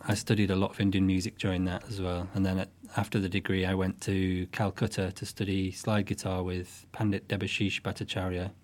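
Man, fairly low pitch, folk musician guest, hesitant and thoughtful. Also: level tone, brisk, hardly any pauses. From northwest England. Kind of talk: interview chat.

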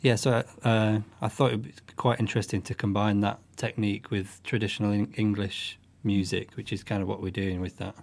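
A man, a folk musician, giving thoughtful, halting explanations in an interview. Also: fairly low pitch, level tone, vocal fry. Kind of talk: interview conversation.

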